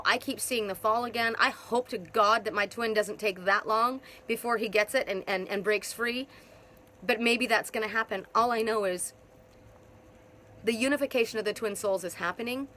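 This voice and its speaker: A woman's voice: a little high, fairly bright tone, slight background noise. A middle-aged woman giving an emphatic, repetitive spiritual monologue as a twin soul facilitator, speaking outdoors. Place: outdoors in hot humid weather.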